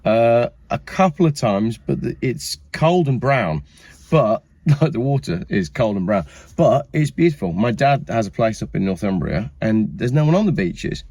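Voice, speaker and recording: A man hosts a casual chat with a slightly husky voice. He talks in an upbeat, enthusiastic way. His pitch sits in a middle range. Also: animated, moderate pace, darkish tone, dry recording. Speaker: host.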